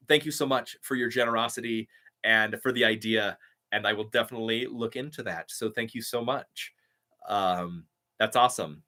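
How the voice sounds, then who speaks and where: A man who does voiceover work hosts a relaxed live stream and answers comments one after another. He sounds eager and thankful. His voice has a bright, forceful edge and sits in an average pitch range. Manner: enthusiastic, chatty, grateful. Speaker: voiceover artist and YouTuber.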